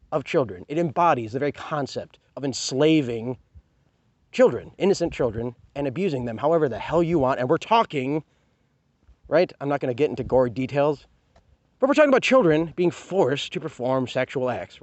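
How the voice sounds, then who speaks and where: A vlogger with a medium-pitched voice, recorded with no echo, rants angrily to camera. His heated, profane tirade is sarcastic and packed with rhetorical questions.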